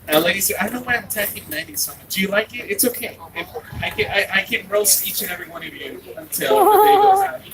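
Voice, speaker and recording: A man leading a theme park tram tour, joking and getting excited as he narrates. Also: sits high, fast, few pauses, distant mic, noisy background. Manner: playful, jokey, excitable.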